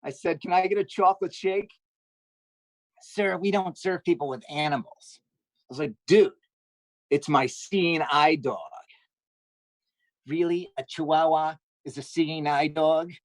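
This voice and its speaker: Brief: male stand-up comic, upbeat storyteller, slightly high voice, dry close sound. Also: darkish tone, no echo, poor audio. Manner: upbeat, jokey storytelling with quick asides. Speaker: stand-up comedian. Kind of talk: stand-up comedy set on a charity livestream.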